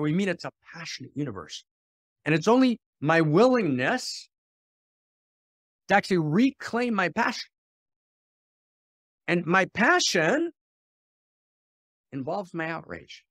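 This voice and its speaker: Male spiritual teacher, higher-pitched voice, dry close sound, impassioned and repetitive, surges loud then drops soft. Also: creaky, no echo. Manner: passionate, swings between loud exhortation and quiet intimate asides; repeats phrases for emphasis. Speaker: podcast host and spiritual teacher.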